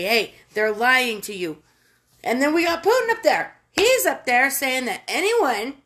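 A woman's voice: medium pitch, fairly bright tone. A woman from the United States delivering a casual, profane political rant, exasperated and given to emphatic outbursts.

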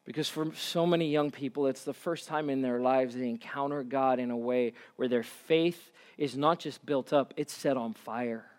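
A male pastor preaching a sermon, telling a story and rising to loud, fervent passages. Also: medium pitch, normal speed, few pauses. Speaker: pastor and camp director.

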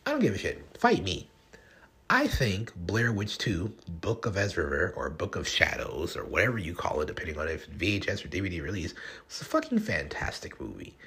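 A man hosting a podcast as a horror writer, talking in a rambling, profane, offhand way. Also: fairly low pitch. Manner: profane, rambling, animated asides. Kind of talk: casual podcast monologue.

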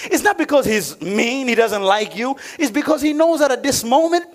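High-pitched man preaching with emphasis. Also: animated, normal speed. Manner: emphatic preaching with sudden drops to a low, joking aside voice; laughs often and asks the audience questions. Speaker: pastor. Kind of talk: sermon.

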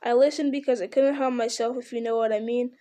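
A woman's voice: fairly high pitch, steady tone, fast talker, warm tone, lightly acted. A woman voicing an anxious, devoted young male hobbit gardener who speaks in a rustic, humble way, calling everyone sir. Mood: earnest.

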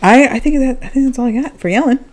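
A woman co-hosts a relaxed TV recap podcast. She laughs easily and keeps breaking into playful impressions. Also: high-pitched, fast talker. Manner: laughs often, does goofy voices. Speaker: podcast co-host. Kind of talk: casual recap chat.

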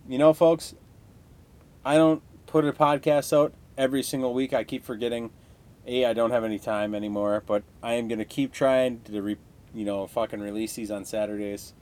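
A man's voice: medium pitch, a little mellow. Young male podcast host, heated profane rant, everyday mid-range voice. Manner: profane, heated ranting with frequent swearing. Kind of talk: casual solo podcast rant.

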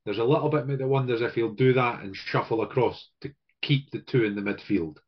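A man hosting a casual football podcast, chatting in a relaxed way and laughing easily. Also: medium pitch, brisk, lo-fi sound. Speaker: podcast host. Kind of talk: casual chat.

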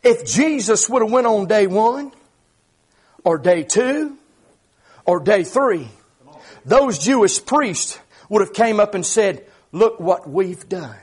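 Very high-voiced middle-aged preacher, fervent delivery, shouts at the peaks. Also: male voice, sing-song, slow, pauses often, breathy edge. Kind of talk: sermon.

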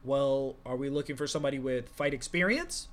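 A man's voice: medium pitch, brisk, fairly bright tone. A man co-hosting a podcast, talking casually in a rambling, profane way as he thinks aloud. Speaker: podcast co-host.

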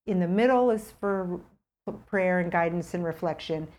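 A middle-aged woman casually telling a personal story as a guest, acting out her own past thoughts with lively jumps in pitch. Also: moderate pace.

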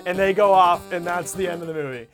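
A man co-hosting a casual chat, talking in an animated, joking way and acting out voices in his stories. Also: sits high, fast, faint music behind. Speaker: podcast co-host.

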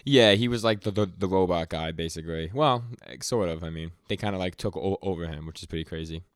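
Low and smooth, the voice belongs to a young man co-hosting a podcast, heard in a dry recording with clean studio sound. Chatting casually about manga, he rattles off scenes as quick quotes, stumbling and stammering frequently.

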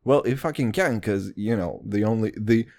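A man's voice: normal speed, darkish tone. A young man hosting a podcast in casual chat, rambling and swearing a lot, joking as he goes and jumping between topics. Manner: rambling, profane, jokey, wildly swinging pitch. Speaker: podcast host.

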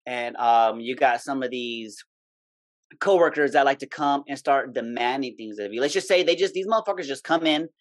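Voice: mid-range voice, moderate pace. Blunt, salty storyteller in casual chat.

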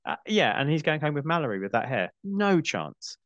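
A man's voice: a little high, sing-song, normal speed, fairly bright tone, dry recording, highs cut off. A man in his forties hosting a podcast, chatting casually about films with frequent restarts and dry asides. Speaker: podcast host. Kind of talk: casual film discussion.

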